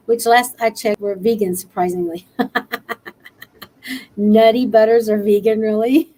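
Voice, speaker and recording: A woman's voice: fairly high pitch, steady tone, slow pace, pauses often, darkish tone, low-quality recording. A woman from Texas hosting a motivational live-stream talk, earnest and encouraging, laughing easily, and tired after a long night. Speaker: show host.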